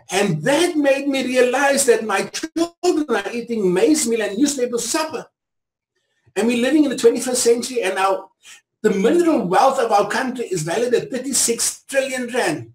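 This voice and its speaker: South African man, middle-aged, high-pitched, preacherly build to emphatic peaks, echoey room. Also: normal speed. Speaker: interview guest. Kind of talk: impassioned storytelling.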